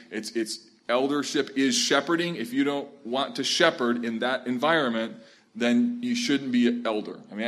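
A man who is a pastor, telling stories earnestly and with feeling as he speaks and takes questions from church leaders in a room with a live audience. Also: medium pitch. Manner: earnest, animated storytelling.

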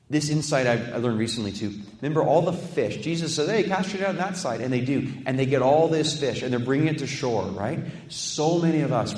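A man preaching a sermon with passion, dropping to a hush and building to fired-up peaks, acting out quoted voices. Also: mid-range voice. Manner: quotes others in acted voices. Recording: echoey hall reverb.

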